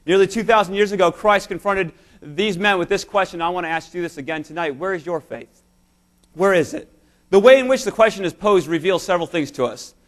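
A man with a strikingly high voice preaches a sermon at a church service, speaking a bit quickly. He makes his points with emphasis and tells stories directly to the congregation.

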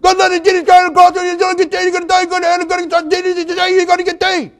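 A man voicing an excited young male sailor who preaches with a heavy speech impediment, his words garbled and repeated urgently. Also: very high voice, quick pace, voice pushed up. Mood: frantic preaching. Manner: garbled, repetitive, urgent shouting.

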